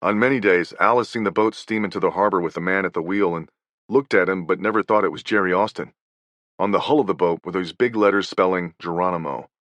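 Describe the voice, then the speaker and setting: A man reading nonfiction as an audiobook narrator, in a measured, even delivery. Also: low voice, no room sound.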